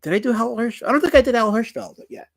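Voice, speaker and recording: Streamer host, male, middle-aged, high-pitched, chatty and wry, reads chat aloud. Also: quick pace, vocal fry. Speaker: streamer discussing comic art. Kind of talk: casual live-stream commentary.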